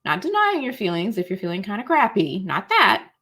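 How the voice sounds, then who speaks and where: A woman's voice: medium pitch, sing-song, brisk, pushed and bright, husky. A woman teaching a masterclass as a life coach, chatty and encouraging, calling her listeners y'all and acting out inner thoughts in quoted asides. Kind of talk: casual teaching talk.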